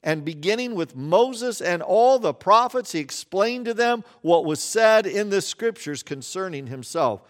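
A male pastor delivering a sermon with a slightly high-pitched voice. He tells the story with animation, acting out its scenes and then falling quiet. The delivery is conversational and expressive. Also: unhurried, hardly any pauses.

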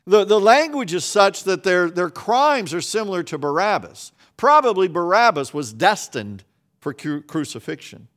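A man pastor delivering a sermon, earnest and emphatic, with deliberate pauses and repeated phrases. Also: high voice, big pitch swings, a bit bright. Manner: restarts and repeated words when speaking quickly.

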